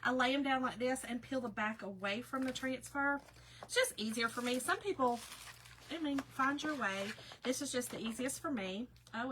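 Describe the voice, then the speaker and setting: A talkative woman chats with her viewers as she crafts, greeting them by name in a folksy way. Her voice is bright and sits a little high. A faint hum runs behind her. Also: low-quality recording. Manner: chatty, folksy, reads out viewer names. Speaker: craft livestream host. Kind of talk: casual livestream chat while crafting.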